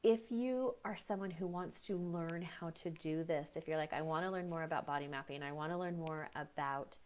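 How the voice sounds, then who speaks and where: A woman with a slightly low voice talks through a live teaching session as a breathwork coach. She is chatty and animated, often slipping into voices to act out what other people say. Her talk wanders, with fillers and restarts. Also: normal speed.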